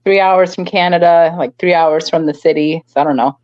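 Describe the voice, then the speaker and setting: A woman's voice: lowish voice, steady tone, brisk, darkish tone. A young woman with a rural upstate New York accent talks with the loose, chatty manner of an interview guest and often giggles between her sentences. Her audio is muffled and lo-fi, and it sounds very dry with no room echo at all. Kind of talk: casual interview chat.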